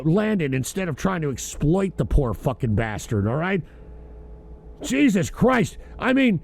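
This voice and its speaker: A tipsy man hosting a call-in livestream, ranting loudly and profanely. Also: high voice, creaky. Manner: loud, profane, rambling rant. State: drinking, tipsy. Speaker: host of a call-in livestream show.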